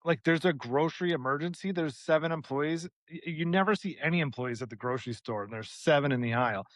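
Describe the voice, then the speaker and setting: Guy on a podcast telling a story, kinda high voice, swears a lot, acts out every line, dry close mic. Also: fast talker, dry recording. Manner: animated, swears freely, acts out quotes. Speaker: podcast co-host. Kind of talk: casual storytelling.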